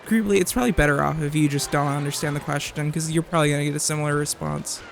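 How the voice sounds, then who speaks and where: A man streaming a game, his voice pitched a bit high and full of gravelly fry. He argues with chat messages he reads aloud, swears freely and trails into rambling restarts, with game music playing faintly underneath. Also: fairly even intonation, very fast. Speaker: live streamer. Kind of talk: casual live-stream chat while gaming.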